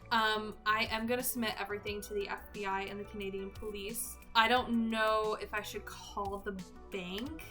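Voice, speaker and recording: Bright-voiced chatty woman vlogger. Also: a little high. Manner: chatty and amused, peppered with "like". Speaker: scam-baiting vlogger. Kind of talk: casual chat.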